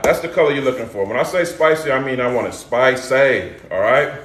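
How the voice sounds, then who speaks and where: A man's voice: medium pitch, a little fast, fairly bright tone. Man, cooking host, casual and talkative, calls out to viewers, roomy kitchen echo. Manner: loose, chatty, calls out to viewers. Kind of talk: casual live cooking demo. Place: home kitchen.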